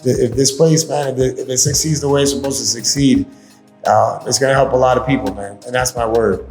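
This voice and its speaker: A man's voice: mid-range voice, steady tone, fairly quick, a little mellow. A man hosting a casual podcast monologue, laid-back and earnest, slipping into Spanish phrases. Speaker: podcast host. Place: inside his community shop. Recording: roomy sound with faint background music.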